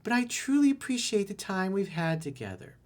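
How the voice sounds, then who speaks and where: Man doing a young woman, soft, girlish, raised pitch, gently letting him go. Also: very animated, brisk. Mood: gentle. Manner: soft, higher girlish put-on voice.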